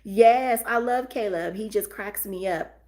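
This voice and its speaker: A woman's voice: mid-range voice, measured pace, darkish tone. Middle-aged woman, chatty live-stream host reading viewer comments. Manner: chatty, talks straight to viewers, reads comments aloud. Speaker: livestream host. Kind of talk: casual live chat haul.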